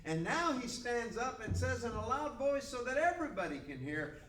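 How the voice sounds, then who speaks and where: Older male Bible teacher, folksy and joking, high lively voice, recorded far off in an echoey room. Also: moderate pace. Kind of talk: conversational Bible lesson. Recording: roomy room mic from far off, faint noise.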